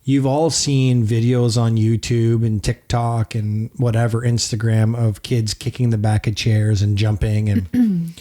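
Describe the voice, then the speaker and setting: A man's voice: mid-range voice, fairly even intonation, unhurried, mellow. A man in his thirties co-hosting a podcast, chatting casually and giving earnest, self-deprecating advice. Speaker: podcast co-host. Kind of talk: casual chat.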